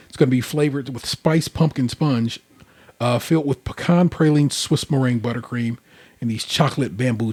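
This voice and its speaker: A man at an even, middle pitch talks his way through a casual podcast recap. He rambles, restarts his sentences and drops in plenty of fillers. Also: breathy edge. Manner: rambling, conversational, lots of fillers. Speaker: podcast host. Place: indoor room, recorded in person.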